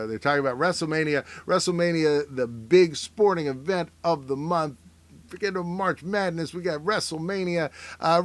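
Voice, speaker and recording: A middle-aged man riffing casually on memes, rambling and wry, filling pauses with "uh" and sometimes slipping into mock voices. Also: medium pitch, fairly bright tone. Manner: rambling, wry, self-interrupting with fillers; mock voices for people he quotes. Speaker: comedian reacting to memes. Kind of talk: casual comic commentary.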